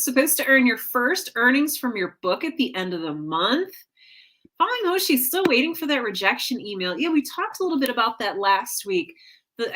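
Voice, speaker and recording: Woman, livestream host, casual chat at home, rambling, lots of fillers and restarts, medium pitch. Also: fairly bright tone. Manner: chatty, with many fillers and self-corrections. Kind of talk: casual chat with a live audience.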